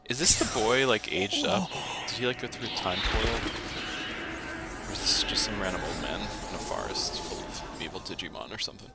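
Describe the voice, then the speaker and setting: A man's voice: lowish voice, lively intonation, brisk, a loud crowd. A man commentating a game he is playing, chatty, with self-mocking asides. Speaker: gaming streamer. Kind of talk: let's play commentary. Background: game music.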